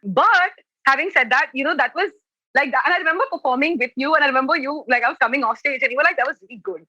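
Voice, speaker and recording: A young woman tells stories as a podcast guest on a remote call. Her voice is high and bright, with a dry, close sound. She talks in a loose, chatty way and swears casually. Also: quick pace, no echo, lo-fi sound. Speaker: guest, comedian.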